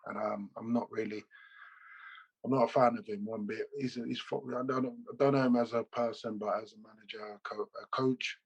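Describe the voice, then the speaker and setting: A man, a former footballer, telling animated, slangy stories as an interview guest over a video call. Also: lowish voice, a little fast, breathy edge, poor audio. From England. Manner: animated, loose slangy storytelling with repeats. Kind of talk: casual interview storytelling.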